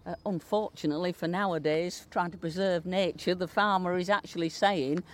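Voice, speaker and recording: A woman's voice: on the low side, steady tone, a little fast. A woman with a Lincolnshire accent, a dialect speaker chatting in an interview and reading dialect verse with relish. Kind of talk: conversational interview.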